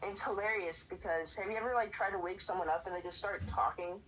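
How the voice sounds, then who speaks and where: A woman's voice: medium pitch, fairly even intonation, fast talker, a bit bright, a little hiss or hum, rough recording. A woman streamer chatting casually and telling stories, with a lot of "like" as filler. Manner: chatty storyteller, lots of "like". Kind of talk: casual chat.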